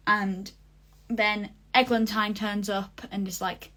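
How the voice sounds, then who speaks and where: A young woman chats through a theatre review for her vlog, gushing and full of fillers. Her voice sits in a middle pitch, and her talk stays loose and unscripted. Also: little pitch movement, takes it slowly, few pauses, pushed and bright. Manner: chatty, gushing, many fillers. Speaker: vlogger.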